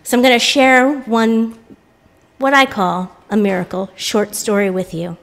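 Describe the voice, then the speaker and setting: An American woman intern minister giving a reflective sermon, telling a personal story and voicing the people in it with lively quoted lines. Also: fairly high pitch, measured pace, gravelly. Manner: reflective, animated when quoting others. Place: church sanctuary.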